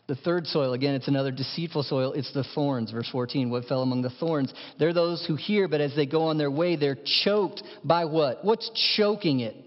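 A man preaching a sermon as pastor, impassioned, dropping to hushed lines and rising to emphatic ones. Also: fairly high pitch, normal speed, hardly any pauses. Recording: dull sound in a large reverberant hall.

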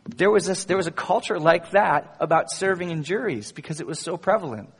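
A male pastor preaching a sermon in an animated way, rising into emphatic quotes. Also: fairly high pitch, brisk, slightly rough. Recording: echoey hall, long reverb.

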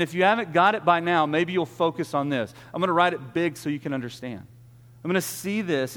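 A man preaching an earnest sermon, often restarting his words. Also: a little high. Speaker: pastor. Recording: long hall reverb.

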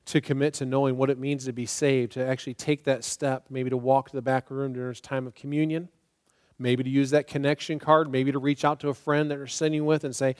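A middle-aged male pastor preaching a sermon in a church, emphatic and swinging from loud to soft and prayerful. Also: mid-range voice, little pitch movement, fairly quick. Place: church sanctuary.

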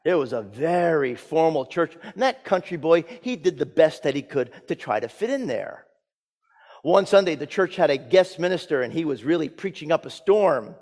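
A man preaching a sermon as pastor, reading scripture, praying and telling stories with dramatic swings in loudness and pitch. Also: lively intonation, moderate pace. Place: church sanctuary. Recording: long hall reverb.

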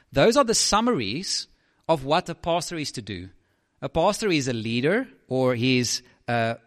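A man's voice: medium pitch, big-room sound. A man preaching a sermon as a pastor, emphatic, often putting questions to the listeners.

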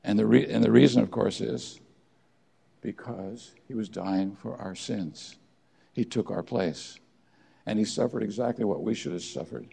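A man preaching a sermon in church, earnest, with emphatic rises and quiet drops. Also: on the low side, normal speed, creaky, husky. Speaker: pastor.

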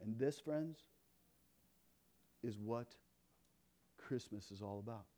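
A man preaching a sermon, quoting scripture and moving between loud, emphatic lines and quiet, hushed ones. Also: on the low side, takes it slowly. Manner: stumbles and restarts between quoted verses. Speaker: pastor.

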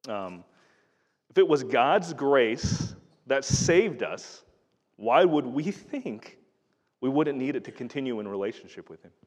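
A middle-aged man preaching a sermon in an earnest, conversational way, often restarting his sentences. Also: mid-range voice. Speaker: pastor. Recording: reverberant hall.

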